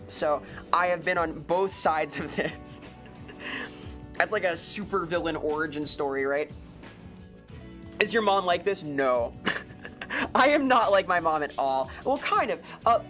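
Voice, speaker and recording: A woman's voice: deep voice, a bit bright. A woman streamer chatting casually while playing a game, talkative, laughing often and answering chat.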